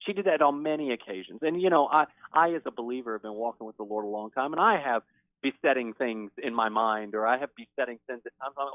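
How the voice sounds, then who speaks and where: A man speaking as a guest on a call-in show, talking in an excited, emphatic way. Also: mid-range voice, fast, no echo. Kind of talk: call-in interview. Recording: tinny phone line.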